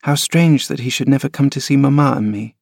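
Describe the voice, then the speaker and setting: A man voicing a frail, sickly young boy who speaks softly and wistfully. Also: mid-range voice, brisk, dry recording, studio quality, voice pushed up, close to an everyday voice.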